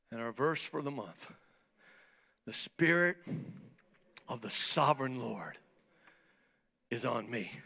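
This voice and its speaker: In a church, a male pastor preaches a fervent evangelistic sermon, alternating between shouting and hushed near-whispers. His voice sits at a medium pitch.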